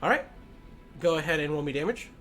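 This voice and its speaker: A man runs a tabletop game as game master, and his voice sits high. He keeps the rules talk easygoing and leans into dramatic narration when the fighting starts. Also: animated, quick pace, a bit bright, faint music behind. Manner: easygoing, casual rulings mixed with dramatic narration.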